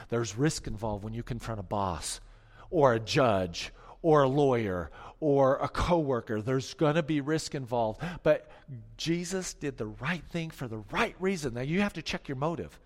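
Middle-aged male pastor, mid-pitched, preaching in a big echoing sanctuary, dropping to hushed tones then driving points home. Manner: storytelling preacher, swings from hushed to forceful. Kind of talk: sermon.

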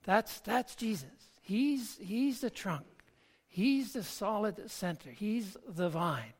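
A pastor delivers an earnest sermon at an unhurried pace. The voice sits at an ordinary middle pitch. The speech comes in halting phrases and often circles back on its words. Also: expressive, breathy edge. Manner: slow, halting delivery with frequent word repeats.

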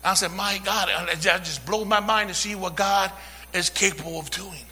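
A man preaching a sermon, using call-and-response, swinging from hushed talk to shouting. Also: high-pitched, normal speed, breathy edge, long reverb tail. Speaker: pastor.

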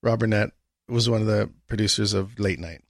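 A man's voice: fairly low pitch, brisk, vocal fry, dry recording, clean studio sound. A man as a guest, telling a story in a casual conversation and acting out the people he quotes. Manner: animated anecdote-telling, acts out quoted dialogue.

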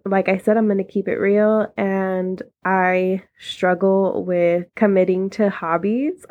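A woman's voice: mid-range voice, a little mellow, dull audio. A woman of thirty, hosting a casual solo podcast and speaking candidly and chattily with frequent laughs. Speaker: podcast host.

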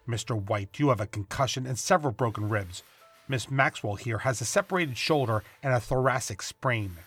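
A man voicing a brisk, caring male doctor who talks in a firm, matter-of-fact way. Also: mid-range voice, fairly bright tone, husky, soft background music.

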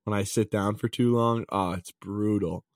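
A man's voice: lowish voice, fairly even intonation, normal speed, no echo. Laid-back young man on a dry mic. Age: 20s. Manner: laid-back, swears casually, says dude a lot. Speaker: podcast co-host. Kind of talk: casual chat.

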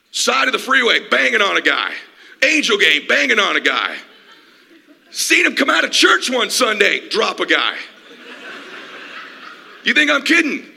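An impassioned man in his fifties delivers a motivational talk from a stage. His voice sits high and cuts bright, with a gravelly, husky grain. He leans hard on every point with emphatic force. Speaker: motivational speaker. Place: stage before a live audience.

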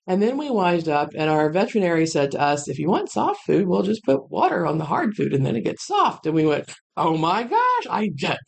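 Chatty gravelly-voiced woman kennel owner. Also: lowish voice. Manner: chatty, rambling, lively asides. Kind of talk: casual storytelling monologue.

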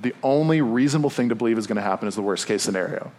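A pastor giving a conversational sermon to a room, acting out quotes in a lively, expressive way. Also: male voice, rapid-fire. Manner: animated, acts out quotes with big pitch jumps. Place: church room with audience.

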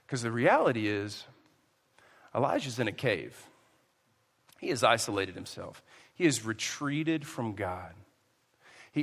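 A male pastor preaching a sermon with emphasis, swinging between loud and hushed delivery. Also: medium pitch, in a large hall.

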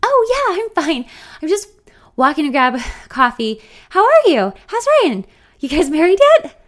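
A woman's voice: a little fast, vocal fry, close to an everyday voice. A woman voicing her friend, a young newlywed who sounds anxious and emotional. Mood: breezy. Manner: higher, brighter, emotional quoted dialogue.

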